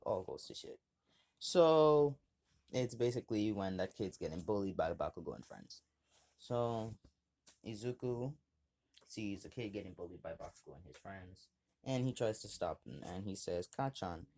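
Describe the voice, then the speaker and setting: A man's voice: on the low side, warm tone. A man casually retelling a fan story, rambling with fillers and repeating himself.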